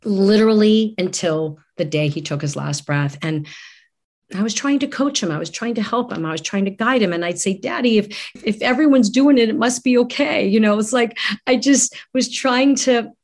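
A woman's voice: medium pitch, expressive, moderate pace. A middle-aged woman, a guest in conversation, speaking earnestly and reflectively, often restarting her phrases. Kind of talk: candid conversation.

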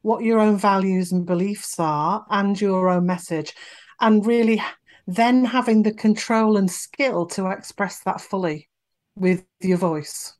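Lady voice coach chatting on a podcast, expressive, explains things clearly. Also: mid-range voice, a little slow. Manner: expressive, demonstrates vocal examples. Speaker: voice coach guest. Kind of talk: conversational podcast interview.

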